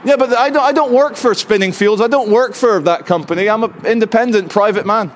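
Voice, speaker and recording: A man's voice: sits high, a little fast, slight background noise. A man filming in a city street, cheekily arguing with security staff about his right to film. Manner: cheeky, argumentative, animated. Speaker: street filmmaker. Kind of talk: confrontational street chat. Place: outdoors in a city plaza.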